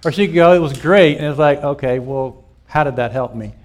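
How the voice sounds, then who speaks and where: A man's voice: medium pitch, fairly quick. A middle-aged man, a pastor, giving a conversational teaching talk to small group leaders at a live church meeting. He tells stories and puts rhetorical questions to his listeners. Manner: storytelling, with rhetorical questions to the audience.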